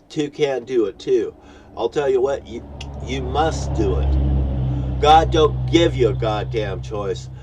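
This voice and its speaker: A man's voice: mid-range voice, mellow, far from the mic, a little hiss or hum. A man ranting angrily to the camera, swearing constantly and repeating himself. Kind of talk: angry profane monologue to camera.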